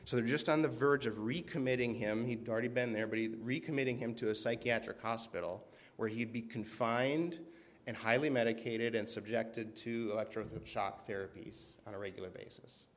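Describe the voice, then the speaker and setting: A man's voice: medium pitch, fairly even intonation, moderate pace. Earnest preacher man in a reverberant hall. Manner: earnest, conversational, reads scripture aloud with emphasis. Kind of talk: sermon.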